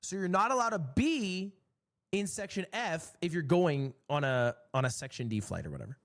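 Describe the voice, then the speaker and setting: A man streaming, telling a story in a casual, animated and exasperated way. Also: fairly high pitch, normal speed.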